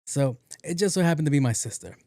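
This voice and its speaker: A young man hosting a podcast, telling a story in a casual, profane, animated way and acting out the people in it. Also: a little high, quick pace, no echo, studio quality. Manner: animated, profane, acts out quotes. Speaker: podcast host.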